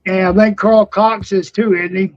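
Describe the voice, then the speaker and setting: High-voiced older man spinning wrestling tales. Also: normal speed, dry recording, lo-fi sound. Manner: animated storyteller, laughs often, shouts out quoted lines. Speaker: retired pro wrestler, guest. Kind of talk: storytelling interview.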